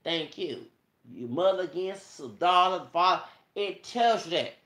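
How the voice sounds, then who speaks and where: A man's voice: sits high, animated, moderate pace, fairly bright tone, echoey room. A man delivering a preachy, profane rant straight to his viewers, quoting scripture and calling them y'all. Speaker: vlogger. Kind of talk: ranting monologue to viewers.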